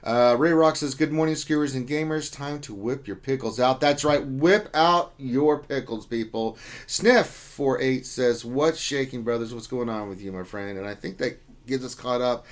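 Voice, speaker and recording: A man's voice: mid-range voice, moderate pace. A man hosting a casual livestream, reading out chat names and greetings in a loose, joking way. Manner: reads chat names aloud, jokey and loose. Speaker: livestream host.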